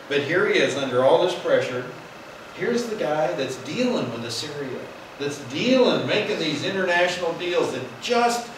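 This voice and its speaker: A man teaching a Bible class in an animated, wry, conversational way. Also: a little high. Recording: echoey room from far off, noisy.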